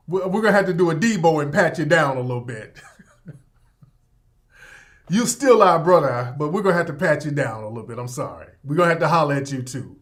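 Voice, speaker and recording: A man hosting a radio show in a casual monologue that is animated, joking and full of profanity and street slang. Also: on the high side, a little fast, long pauses.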